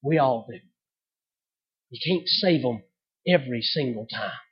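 A man in his thirties preaching a sermon, swinging from loud outbursts to hushed, soft passages. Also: medium pitch, animated, a little slow, breathy edge, highs cut off. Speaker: pastor.

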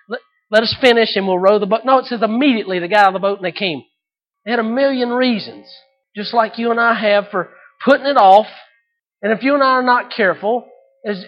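A high-voiced male pastor delivering a sermon, rising to loud emphatic climaxes and dropping into hushed, low asides. He mixes folksy stories and jokes into his preaching. The recording sounds somewhat dull and lo-fi. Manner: dynamic, swings from loud emphatic peaks to quiet low asides; folksy storytelling with humor.

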